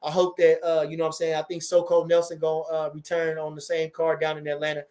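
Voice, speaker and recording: A man in his forties with a fairly high voice, chatting loosely on a livestream and answering viewer comments. He speaks, swears freely, and doubles back on his words with lots of animation. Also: fast. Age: 40s. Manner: animated, profane, repeats phrases. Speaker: boxing trainer and livestream host. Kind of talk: casual livestream chat reading viewer comments.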